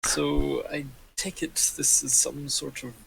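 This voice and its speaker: A man voicing a measured, formal adventurer with a dry, wry manner. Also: fairly high pitch, little pitch movement, vocal fry, a bit bright, a little hiss or hum, pitched above the performer's own voice, full character voice, low-quality recording.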